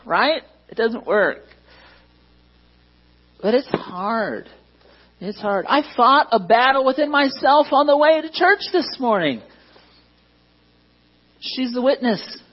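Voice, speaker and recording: A man's voice: very high voice, husky, lo-fi sound. A man preaching a sermon as pastor, conversational and self-deprecating, often asking the congregation questions.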